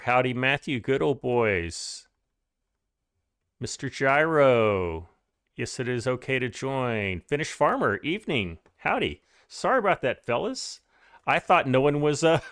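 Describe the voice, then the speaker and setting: A man's voice: medium pitch, fairly bright tone, no echo, studio quality. A man hosting a live game stream, chatting casually to viewers, greeting them by name and rambling through restarts as he plays.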